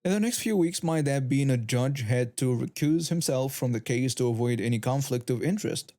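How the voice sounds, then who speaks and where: A man giving a steady, scripted first-person narration of a story. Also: mid-range voice, brisk.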